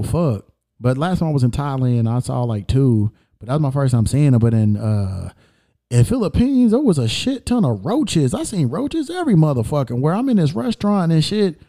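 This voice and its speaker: Profane man heatedly retelling a story. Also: a little high. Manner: heated, profane, animated retelling with quoted dialogue.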